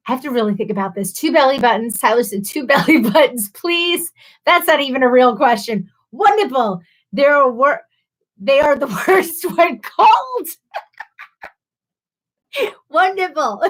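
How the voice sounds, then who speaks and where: A woman hosting a casual live stream, laughing a lot and a little tipsy from wine as she reads out viewer comments. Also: sits high. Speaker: livestream host.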